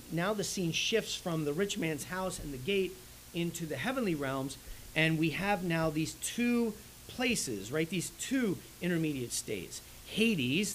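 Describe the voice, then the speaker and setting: A man preaches a sermon with a slightly raised voice. He talks in an animated way, often checking in with the listeners, and a faint hiss runs under the recording. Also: on the high side, poor audio. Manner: animated, swings loud and soft, frequent "right?". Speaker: pastor.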